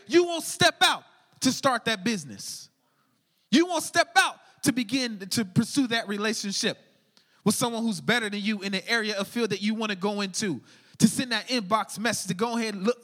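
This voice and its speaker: A man preaching a lively sermon, swinging from shouts down to near whispers, full of casual slang. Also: very high-pitched, in a large hall. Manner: energetic, shouting and dropping to a hush, casual slang. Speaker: pastor.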